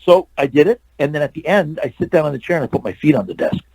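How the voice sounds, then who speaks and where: An older man, an actor and stuntman, telling lively anecdotes as a guest in an interview. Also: fairly high pitch, fast, vocal fry, slightly rough, no echo, poor audio. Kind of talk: storytelling interview.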